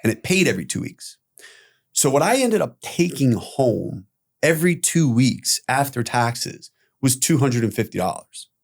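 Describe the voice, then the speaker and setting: A man's voice: medium pitch, normal speed, gravelly. Middle-aged guy telling his story straight up, blunt, cusses a lot, gets worked up. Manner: blunt, animated, swearing freely. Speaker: guest. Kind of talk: candid personal storytelling.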